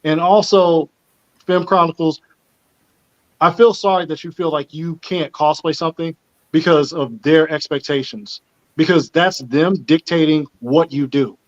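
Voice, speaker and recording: A man's voice: a little high, fairly even intonation, measured pace. A man hosting a casual panel discussion, speaking earnestly and with emphasis. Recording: muffled lo-fi audio.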